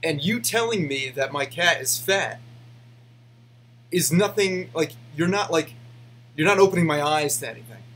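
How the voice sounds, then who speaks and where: A man's voice: a little high, expressive, normal speed, pauses often, a bit bright. A man casually chatting to fans, rambling with many restarts and fillers, then ranting defensively. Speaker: YouTube host answering fan questions. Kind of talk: casual behind-the-scenes chat.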